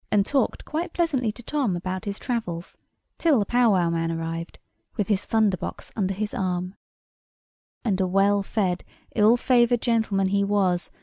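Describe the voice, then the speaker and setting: Gravelly, mellow woman reading a story. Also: mid-range voice, no echo, clean studio sound. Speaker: audiobook reader. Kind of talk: storybook narration.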